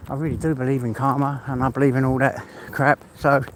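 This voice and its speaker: A man's voice: mid-range voice, little pitch movement, quick pace, heavy background noise. An older man, chatting casually and heartfelt on a live stream, rambling and laughing often. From England.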